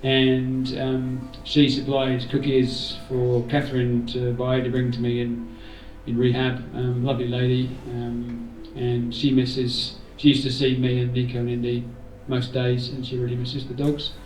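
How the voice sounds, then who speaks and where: A man's voice: medium pitch, completely flat delivery, unhurried, hardly any pauses, a little mellow, soft background music. A man gives an informal thank-you speech to a gathering, rambling a little with jokey asides. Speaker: event organiser giving thanks. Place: indoor community room. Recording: roomy hall, voice from far off.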